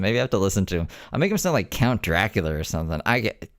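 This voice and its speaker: Deep-voiced, wry male reaction host. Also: big pitch swings, fast talker, few pauses. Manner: sarcastic, wry asides. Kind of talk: casual reaction commentary.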